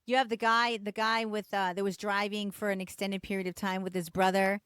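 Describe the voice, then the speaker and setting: Smooth-voiced woman podcast host. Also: mid-range voice, a little fast, dry recording, clean studio sound. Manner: relaxed, chatty, fills with "like" and "man". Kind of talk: casual chat.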